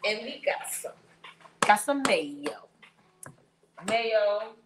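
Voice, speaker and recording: A woman's voice: medium pitch, very animated, drawn-out words, roomy sound, noisy background. A woman chatting playfully with viewers as she cooks in someone else's kitchen. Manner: playful, sing-song, talks to viewers as y'all. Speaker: cooking vlogger. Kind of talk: casual cooking vlog chat.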